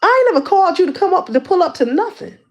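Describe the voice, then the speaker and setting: A woman's voice: very high-pitched, big pitch swings, fast, darkish tone. A woman hosting a livestream, calling out someone in a heated rant with lots of repeated words and restarts. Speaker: livestream host.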